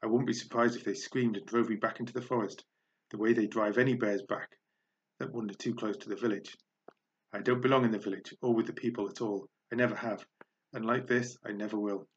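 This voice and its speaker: A man narrating a children's adventure story in the first person, measured and expressive. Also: mid-range voice, lo-fi sound. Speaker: audiobook narrator.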